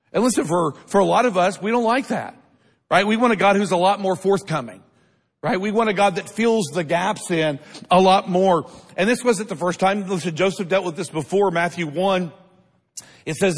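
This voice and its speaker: A male pastor preaching a sermon, emphatic, constantly checking in with the congregation and building up to shouted lines. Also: high voice. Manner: keeps asking the congregation "right?". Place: church sanctuary. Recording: long reverb of a large hall.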